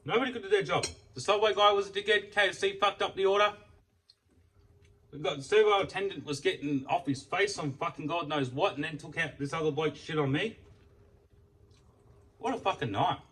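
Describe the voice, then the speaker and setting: A man's voice: high voice, brisk, far from the mic. Swearing young man ranting. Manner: heavy swearing, animated storytelling. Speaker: food vlogger. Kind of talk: casual ranting while eating. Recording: voice off from the mic.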